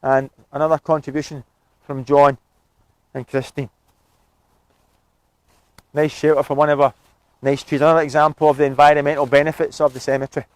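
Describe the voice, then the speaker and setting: A man's voice: on the high side, little pitch movement, a little fast, pauses often, no room sound, poor audio. A Scottish man leading a cemetery walking tour outdoors, chatty and informative with friendly asides.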